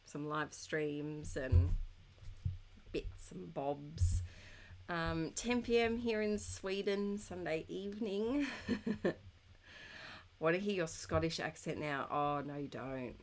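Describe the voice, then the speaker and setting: A woman's voice: on the low side, takes it slowly, creaky, a bit bright. A woman live-streaming scrapbooking from home, chatting casually with viewers, giggly and thinking aloud with lots of ums. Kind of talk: casual chat while crafting, reading viewer comments.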